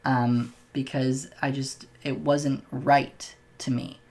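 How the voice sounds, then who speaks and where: A man's voice: medium pitch, little pitch movement, slow pace, a little mellow. Candid young man, stumbling over words. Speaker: vlogger. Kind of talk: casual personal storytelling to camera.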